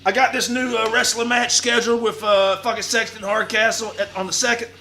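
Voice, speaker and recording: Gravelly, high-pitched brash wrestler man. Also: flat delivery, brisk, soft background music. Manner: boastful, profane, gravelly, bursts into shouting. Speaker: livestream host in a wrestler persona. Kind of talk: brash wrestling promo talk.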